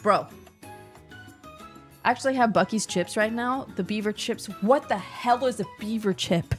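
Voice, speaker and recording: A woman's voice: on the high side, normal speed, faint music behind. Chatty New woman streamer. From New Zealand. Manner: chatty, slangy, animated, jumpy. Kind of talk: casual chat.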